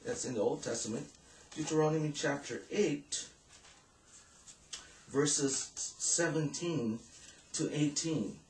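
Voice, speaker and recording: A male pastor delivers a measured sermon, pausing often and reading scripture aloud. His voice sits a little high for a man, and it comes from a distance across an echoey church hall.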